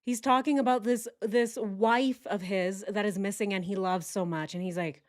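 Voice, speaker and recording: A woman's voice: medium pitch, fairly even intonation, normal speed. A woman hosting true crime commentary, talking sarcastically and speaking straight to her viewers. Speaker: host.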